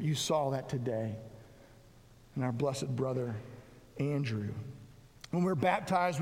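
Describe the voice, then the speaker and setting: A man preaching a sermon as pastor, reading scripture with rising emphasis. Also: fairly high pitch. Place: church sanctuary. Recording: long reverb of a large hall.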